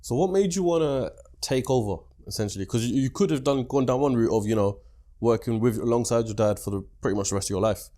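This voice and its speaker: A man hosting a podcast who asks guests casual questions and adds quick agreement. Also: mid-range voice, dark tone. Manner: quick, affirming with many yeahs. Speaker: podcast host. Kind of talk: casual interview.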